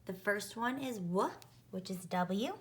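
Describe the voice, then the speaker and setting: A woman teacher leading an early-reading spelling lesson, sounding out words and letters deliberately. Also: mid-range voice.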